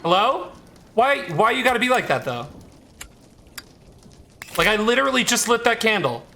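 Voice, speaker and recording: A man's voice: high voice, very animated, normal speed, vocal fry, pushed and bright, slight background noise. A man streaming a horror game, talking to himself and to the game in a jittery way, repeating lines when scared. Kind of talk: live horror game commentary.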